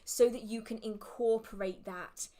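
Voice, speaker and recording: Hiccuping through a relaxed Q&A, this witchcraft livestream host stays chatty and pokes fun at herself, laughing whenever she slips up. She speaks unhurriedly in a mellow, fairly high voice with fairly even intonation.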